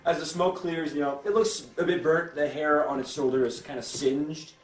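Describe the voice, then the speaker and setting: A young man narrating as game master, casual and halting, with many restarts and fillers. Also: fairly high pitch, steady tone, a little hiss or hum. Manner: hesitant, full of restarts and fillers. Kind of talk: narrating a tabletop game among friends. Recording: echoey room, mic from a distance, faint music.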